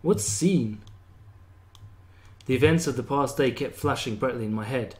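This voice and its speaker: A man's voice: medium pitch, fast talker. A young man steadily reading a visual novel aloud as a first-person narrator for his channel. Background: faint guitar music.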